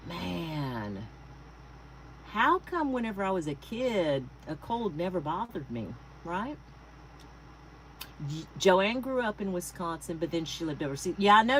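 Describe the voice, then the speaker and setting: A woman's voice: mid-range voice, low-quality recording. A middle-aged woman from Texas with a Southern accent, chatting casually with livestream viewers and greeting them by name. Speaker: craft livestream host. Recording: faint air conditioner hum.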